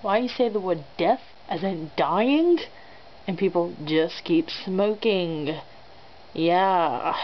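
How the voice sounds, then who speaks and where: A woman's voice: lowish voice, animated, slow pace. A young woman hosting a casual top ten countdown vlog, laughing often and making sarcastic asides. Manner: giggly and sarcastic, laughing between items. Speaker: vlogger. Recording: dull lo-fi webcam audio with faint background noise.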